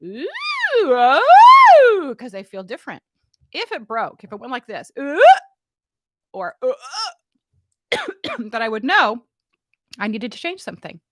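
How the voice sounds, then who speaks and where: A woman voice teacher giving a casual, playful vocal warm-up demonstration in a room at home, talking into a studio mic. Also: a little high, fairly quick, pauses often. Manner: chatty, playful and relaxed, often asks "right?". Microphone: studio mic, monitored on headphones.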